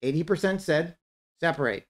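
A man delivers blunt, critical public comment to a town forum by video call, repeating his points as he goes. His voice is a little high and expressive, at a moderate pace; he's a resident commenter.

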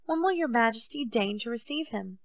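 Woman as a deferential musketeer captain, measured, gravelly tone, dry sound. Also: a little high, animated, dry recording. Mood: earnest. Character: loyal, respectful male captain of musketeers.

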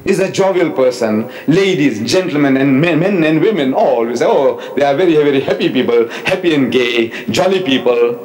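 Animated man in his seventies lecturing. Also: medium pitch, low-quality recording. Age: 70s. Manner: animated and emphatic, with wry asides; recites Arabic verses quickly, then explains them. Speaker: Islamic lecturer. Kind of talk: public religious lecture.

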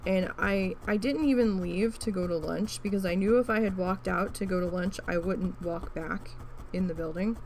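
A woman with a creaky, gravelly edge to her mid-pitched voice tells a story from her working life in a casual, frank way. She talks while crafting, restarting her sentences often. Faint noise sits underneath. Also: normal speed, a little mellow. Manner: chatty, frank, with frequent restarts and swearing. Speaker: crafting vlogger.

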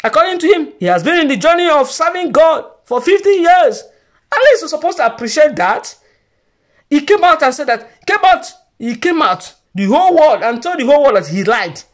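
Woman vlogger, high pitch, emphatic and preachy, keeps repeating herself. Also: sing-song, normal speed. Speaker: church gossip vlogger. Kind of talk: casual commentary.

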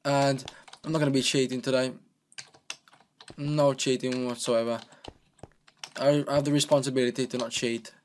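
A man's voice: mid-range voice, fairly even intonation, moderate pace, a little hiss or hum. A man giving casual, joking commentary on his own gameplay, chatting away and talking to himself at a desk microphone. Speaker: gaming channel host.

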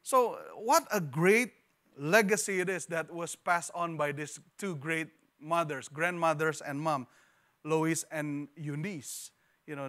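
A man preaching a sermon as pastor in a church, animated, repeating words and joking with the congregation. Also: a little high. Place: church hall.

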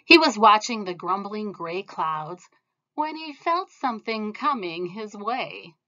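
Woman storybook reader, slow and expressive, bright voice, lo-fi. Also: medium pitch. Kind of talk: storybook read-aloud.

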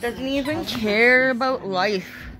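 A woman's voice: on the high side, takes it slowly, loud music behind the voice. A young woman at home filming her dog, chatting and cooing at it in a sing-song pet voice and laughing often. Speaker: dog owner vlogger. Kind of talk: casual home video narration. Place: home, indoors.

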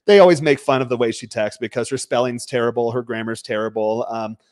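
A man in easy livestream conversation, blunt and emphatic, who lets a swear word slip now and then. His voice sits at an ordinary middle pitch. The sound is dry and close, with no room echo. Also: steady tone, quick pace, darkish tone. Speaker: podcast host. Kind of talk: casual livestream chat. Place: home.

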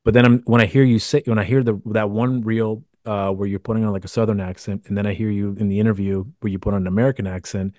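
Guy hosting a podcast, talks fast and low, rambles a lot, dry close sound. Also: steady tone, dark tone, no room sound. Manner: rambling, many restarts and fillers. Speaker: podcast host. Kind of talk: casual interview.

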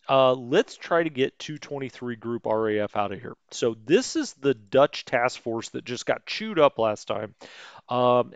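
Man, middle pitch, smooth, chatty game streamer; dry, slightly muffled mic. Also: dry recording. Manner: chatty, greets live chat viewers, light jokes. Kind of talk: casual let's play commentary.

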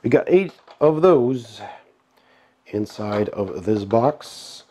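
With a medium-pitched voice and a slow pace, a man with a cold offers easygoing commentary while opening a board game. He sounds nasal, chuckles now and then, and fills his speech with fillers.

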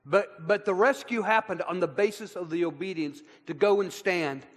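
A man's voice: high voice, moderate pace. A man, a pastor interviewing a guest in church, earnest and summarizing. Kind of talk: conversational interview. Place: church hall. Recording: church hall with long reverb.

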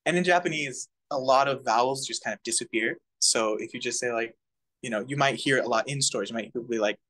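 A man's voice: medium pitch, fairly quick. A man teaching a casual community language class, chuckling now and then and demonstrating pronunciations. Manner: relaxed, chuckling, many fillers, demonstrates pronunciation.

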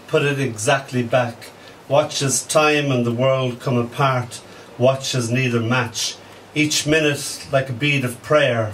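Male poet, live reading, measured delivery, mid pitch, distant mic, faint room hum. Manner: measured, unhurried, with brief fillers between poems. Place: small cafe venue.

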